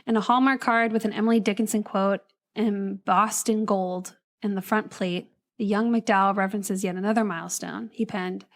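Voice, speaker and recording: A woman's voice: mid-range voice, steady tone, moderate pace. An American woman hosting a casual true-crime podcast, reading old love letters aloud with dry asides and short laughs. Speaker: podcast host.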